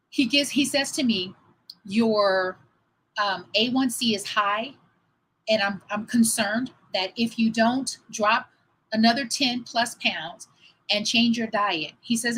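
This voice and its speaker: Animated, bright-voiced woman telling a story. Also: on the high side, slight background noise, poor audio. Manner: animated, chatty, addresses viewers as y'all. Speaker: fitness trainer and livestream host. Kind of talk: casual livestream storytelling.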